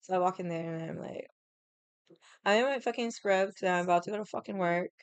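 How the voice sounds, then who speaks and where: A woman's voice: fairly low pitch, fairly quick, clean tone, no echo. A woman telling a story in casual chat, blunt and profane, rambling with lots of "like". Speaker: vlogger.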